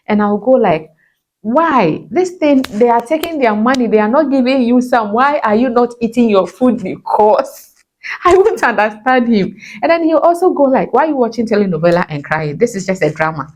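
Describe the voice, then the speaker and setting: A woman giving casual relationship advice to camera in an animated way, often calling viewers "my dear". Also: lowish voice. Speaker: relationship vlogger.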